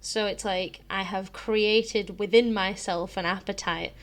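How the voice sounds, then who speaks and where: A woman's voice: mid-range voice, steady tone, measured pace, crowd noise. A British woman co-hosting a podcast for English learners, explaining phrases in a chatty way and laughing often. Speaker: English teacher and podcast co-host. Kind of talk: casual teaching chat.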